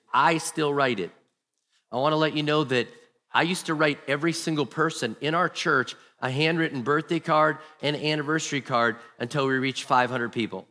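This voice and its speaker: A man's voice: medium pitch, bright, forceful tone, in a large hall. A man preaching a sermon to church leaders, telling a personal story in an earnest, emphatic way with repeated phrases. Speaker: pastor.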